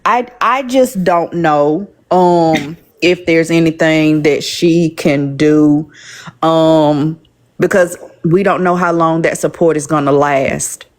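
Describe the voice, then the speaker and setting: A woman with a low voice hosting a live-stream panel discussion. She speaks in a calm, measured way and often pauses to gather her thoughts.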